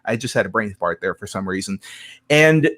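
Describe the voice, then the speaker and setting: A man's voice: lowish voice, lively intonation, normal speed, a bit bright. A man, a guest on a casual podcast interview, talking hesitantly with many restarts and filler sounds. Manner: hesitant, restarts often, frequent ums.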